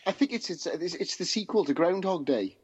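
A man's voice: high voice, animated, brisk, breathy edge. A Welsh man as a podcast guest in casual chat, dropping short wry quips. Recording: dull lo-fi audio.

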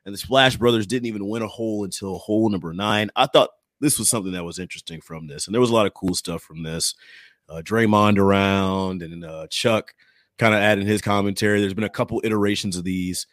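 A man's voice: fairly low pitch, fairly quick, dry recording, studio quality. A man hosting a sports podcast, chatting casually and laughing easily with his co-host.

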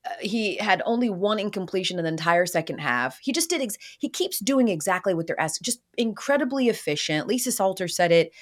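A woman's voice: mid-range voice, brisk, few pauses. A woman hosting a sports talk show, chatting casually and animatedly about football with a co-host. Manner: lively, animated, chatty with fillers. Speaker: podcast host.

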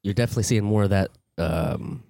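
A man's voice: on the low side, quick pace, dark tone, no room sound, studio quality. A man with a stuffy cold, co-hosting a podcast in casual, laughing banter. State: congested from a cold. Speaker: podcast co-host. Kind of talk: casual chat.

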